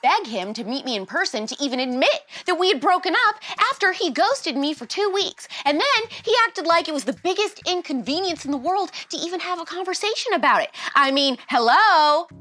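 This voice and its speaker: A woman hosting a show, giving sarcastic pop-culture commentary in a quick, punchy way. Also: very high-pitched, lively intonation, a bit bright. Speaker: show host. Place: state of Arizona.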